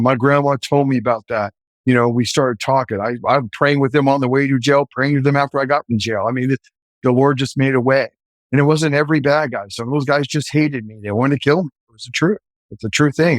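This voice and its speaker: An earnest man tells a personal story with animated emphasis. His voice sits at a middle pitch and sounds dry and close. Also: no echo. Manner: earnest, animated, shouts in quoted lines. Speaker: former navy chief and police officer, guest. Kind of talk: casual storytelling.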